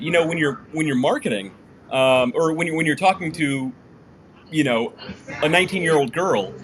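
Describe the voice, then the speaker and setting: A man co-hosting a business podcast in casual chat, talking loosely with lots of fillers and restarts. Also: on the high side. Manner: chatty, full of fillers and restarts. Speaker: podcast co-host.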